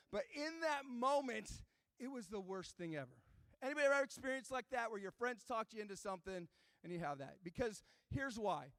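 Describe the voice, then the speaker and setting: Man, high voice, dry close sound, youth ministry talk, animated storytelling, questions to the kids. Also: dry recording. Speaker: youth pastor. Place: church youth room before a live audience.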